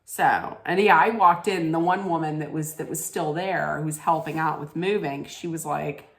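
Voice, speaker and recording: A woman's voice: low voice, steady tone, normal speed, few pauses. A middle-aged woman telling a personal story in casual chat, rambling with many fillers and restarts. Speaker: vlogger. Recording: echoey room.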